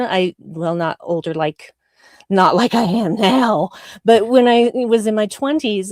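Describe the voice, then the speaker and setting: A woman's voice: mid-range voice, darkish tone, no echo. Woman cohost talking real heartfelt and open, mid voice, dry. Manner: candid, heartfelt, earnest. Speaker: co-host. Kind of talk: casual chat.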